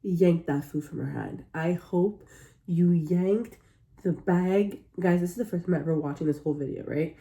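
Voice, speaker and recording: A woman's voice: on the low side, normal speed, warm tone. A woman hosting a reaction video, talking casually to viewers in an exclamatory, incredulous way.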